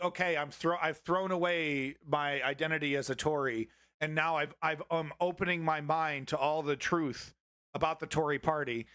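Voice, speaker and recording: A man's voice: on the high side, steady tone, normal speed, fairly bright tone, smooth, no echo, studio quality. A young man hosting a live political news stream, talking to his chat in a blunt, profane, confrontational way.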